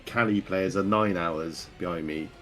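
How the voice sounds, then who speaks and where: A man's voice: low-pitched, normal speed, fairly bright tone, soft background music. A man from Europe chatting casually on a stream, joking around with friends. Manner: joking, slips into mock accents. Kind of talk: casual chat.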